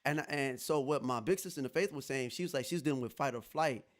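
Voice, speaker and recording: A man hosting a podcast, telling a personal story in casual chat, animated and laughing as he acts out what others said. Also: mid-range voice, fast talker. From Texas. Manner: animated, laughing, quotes others in lively voices. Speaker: podcast host.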